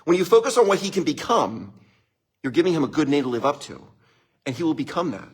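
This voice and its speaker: A man giving relationship advice in a live talk, chatty and animated, laughing often and speaking straight to his listeners. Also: a little high, quick pace, slightly rough.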